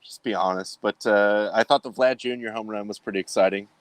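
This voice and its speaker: A man's voice: lowish voice, steady tone, fairly quick, dry recording. A man hosting a casual sports talk show, speaking in a rambling way with many fillers. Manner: rambling, filler-heavy delivery.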